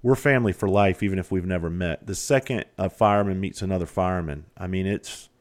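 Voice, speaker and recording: A man's voice: deep voice, quick pace. A middle-aged man hosting a podcast, talking candidly and profanely as he tells stories from his firefighting life. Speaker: podcast host, former firefighter. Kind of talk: casual podcast monologue.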